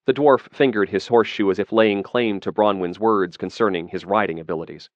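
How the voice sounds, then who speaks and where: A man narrating a fantasy audiobook in a measured, steady reading. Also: lowish voice, no room sound, muffled recording.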